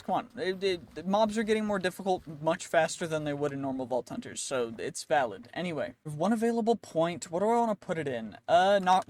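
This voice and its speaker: Chatty, excitable man commenting on gameplay. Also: high-pitched. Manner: chatty, excitable, talks through his moves with frequent restarts. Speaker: gaming channel host. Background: background music.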